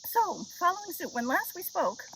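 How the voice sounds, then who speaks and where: A woman's voice: extremely high pitch, very animated, moderate pace, fairly bright tone. Woman, casual outdoor vlog, rambling and self-deprecating, head-mounted camera, noisy background. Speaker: vlogger. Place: outdoors on a river island. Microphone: head-mounted action camera. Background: insects and nature sounds.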